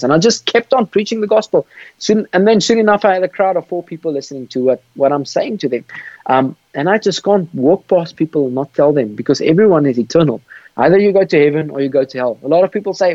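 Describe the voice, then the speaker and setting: Speaking quickly in a fairly high, slightly mellow voice, a guest on a video call passionately recounts his faith testimony, repeating himself and restarting sentences often. The recording is dull, dry call audio with no echo.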